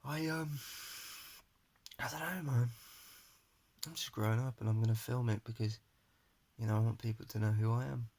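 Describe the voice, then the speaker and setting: A young man talking to a phone camera in his flat, giving a rambling, earnest personal monologue and pep talk. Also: mid-range voice, moderate pace, long pauses, a little hiss or hum. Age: young adult. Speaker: vlogger. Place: his flat at home, indoors. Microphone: phone camera held in front of face.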